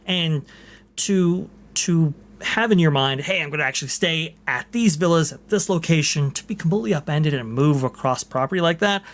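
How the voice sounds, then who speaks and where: A man's voice: a little high, moderate pace. A man hosting a casual podcast, reading posts aloud and chatting with lots of fillers. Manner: chatty, many fillers, repeats "right here". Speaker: podcast host.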